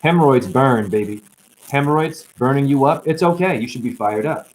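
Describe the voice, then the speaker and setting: Through a staticky livestream microphone, a man at medium pitch and moderate pace rambles through a rhyming spiritual monologue, letting out occasional whoops. He sounds worn out and drained, and the audio is low quality.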